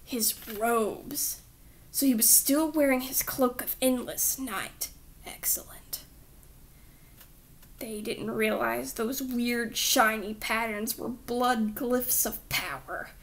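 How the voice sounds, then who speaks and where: A woman's voice: fairly high pitch, slow, hardly any pauses. A woman reading a children's book aloud with dramatic storytelling that dips into whispers.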